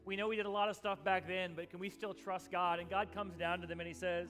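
A man preaching a sermon, earnest, building to emphatic passages and then dropping soft, over soft music. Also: high-pitched, flat delivery, fast, few pauses. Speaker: pastor.

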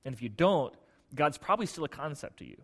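A man's voice: a little high, sing-song, fast. Male pastor preaching in a reverberant hall. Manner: conversational preaching with frequent restarts and repeated words; swings between emphatic loud bursts and hushed asides. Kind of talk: sermon.

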